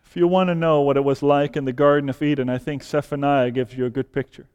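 A man preaching a sermon, speaking deliberately and building to fervent emphasis. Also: medium pitch, flat delivery, a little mellow, clean tone. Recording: long hall reverb.

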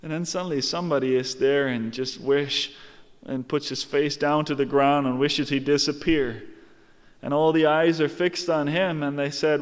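A male preacher delivers a sermon with emphatic, dramatic storytelling and frequent rhetorical questions. His voice is fairly high. It rings with the long reverb of a large church hall. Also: fairly even intonation, normal speed, smooth.

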